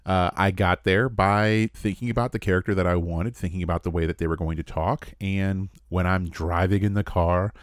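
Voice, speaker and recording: A man with a very low, deep voice speaks on a podcast in an earnest, reflective tone. His sound is dry and close, with no room around it. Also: fairly even intonation, moderate pace, few pauses, dry recording. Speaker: podcast co-host and player. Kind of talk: casual chat.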